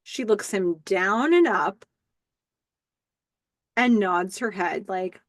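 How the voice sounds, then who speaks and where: A woman talks through a TV episode for her podcast with lively, bouncing intonation. She acts out bits of dialogue with a playful, giggly delivery. The sound is dry and close, with no room around it. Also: mid-range voice, slow, long pauses, dry recording. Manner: animated, giggly, reads dialogue aloud with playful voices. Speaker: podcast host recapping a TV episode. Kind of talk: casual recap narration.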